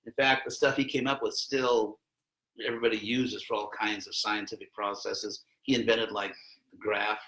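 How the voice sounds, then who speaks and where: A teacher gives an informal, conversational philosophy lesson to a class of students, tossing in jokey asides and raising his voice when he acts out quotes. His lowish voice is level and moderately paced, pushed and bright, in a reverberant, rough recording.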